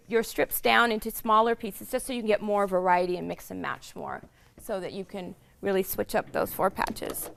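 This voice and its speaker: A hoarse woman casually demonstrating quilting steps to a small group, chatty and explaining each step as she sews. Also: on the high side, a bit bright. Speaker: quilting instructor.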